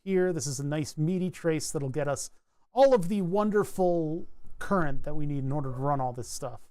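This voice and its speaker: A man's voice: a little high, animated, moderate pace, a little mellow. A man chatting casually on a live stream while designing a circuit board, rambling with wry asides and frequent self-corrections.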